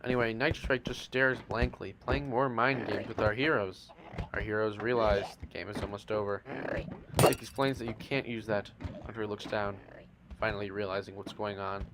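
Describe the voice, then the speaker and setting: A man's voice: fairly low pitch, fairly even intonation, moderate pace. A man narrating gameplay in a playful, mock-dramatic way, with teasing asides to the audience. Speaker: narrator of a game series. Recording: noisy home mic with clicks.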